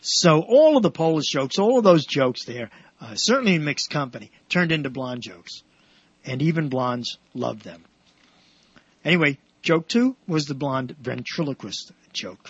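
A man hosting a radio show, telling jokes in a rambling way with many restarts and animated punchlines. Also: on the high side, unhurried, husky, dry recording, highs cut off.

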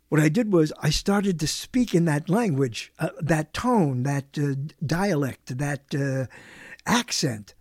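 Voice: medium pitch, animated, slow pace, a little mellow, no room sound, clean studio sound. A talk show host delivering a rambling live late-night monologue, full of chuckling asides.

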